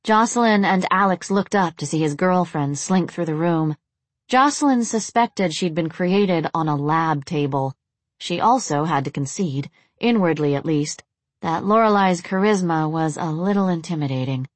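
A woman narrates an audiobook in a steady, even storytelling voice. Her pitch is fairly low, her pace moderate, and there is no room sound.

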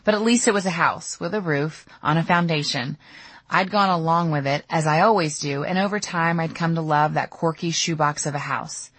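A woman's voice: sits low, normal speed, fairly bright tone, husky, no echo. A middle-aged woman narrating her own audiobook memoir in a candid, storytelling way. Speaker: author reading her memoir.

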